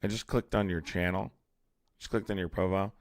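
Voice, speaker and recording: A young man's low voice, recorded close and dry with no room sound. He hosts a live stream and fires back at commenters by name. His delivery is heated and combative, with sudden rises into indignation. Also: fairly even intonation, brisk, dry recording. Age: young adult. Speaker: livestream host. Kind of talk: live-stream chat, reacting to viewer comments.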